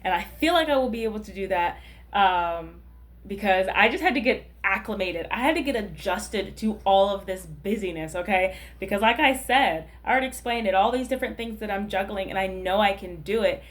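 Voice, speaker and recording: A woman's voice: medium pitch, expressive, fairly quick. 30ish woman vlogging, rambly chatty catch-up talk, keeps checking in with viewers. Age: 30s. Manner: chatty and rambling, keeps asking "you know what I mean". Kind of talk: casual chat to camera.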